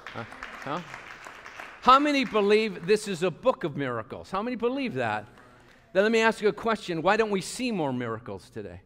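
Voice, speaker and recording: A man preaching a passionate sermon as pastor of a church, swinging between loud calls and quiet asides. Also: sits high, big pitch swings, normal speed, a faint crowd. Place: church sanctuary. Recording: long hall reverb.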